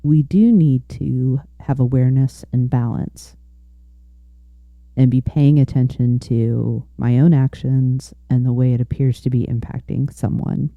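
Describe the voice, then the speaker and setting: A woman hosting an interview, speaking in a thoughtful, affirming, measured way. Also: very deep voice, fairly even intonation, no room sound, dull audio. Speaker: podcast host. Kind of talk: conversational interview.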